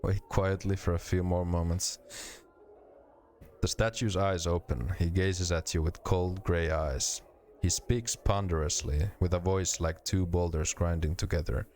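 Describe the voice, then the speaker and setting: A man streaming a game, reading the dialogue and narration aloud in a measured, steady way. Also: sits low, slight background noise.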